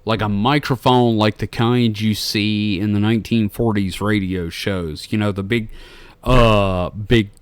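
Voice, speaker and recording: A man's voice: fairly low pitch, unhurried, clean tone, no echo. A man in his forties co-hosting a podcast, telling stories casually with lots of swearing and laughter. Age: 40s. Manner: profane, laughing, animated storytelling. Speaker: podcast co-host. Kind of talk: casual comedic chat.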